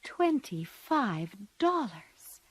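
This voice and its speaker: A loving, calm mother of four girls, as a woman reader puts her on, speaking slowly and tenderly in a storybook reading. The sound is close and dry. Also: on the high side, slightly rough, no echo, voice pushed up, heavily acted.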